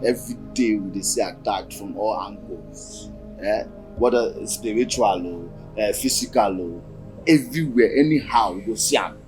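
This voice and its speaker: A man's voice: lowish voice, normal speed, darkish tone, faint music behind, close to an everyday voice. A man playing a teasing streetwise Nigerian guy. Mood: easygoing. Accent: Nigerian Pidgin. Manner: teasing, easygoing, mixes Pidgin and English. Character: streetwise young man, charming rescuer. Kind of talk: Nollywood film acting.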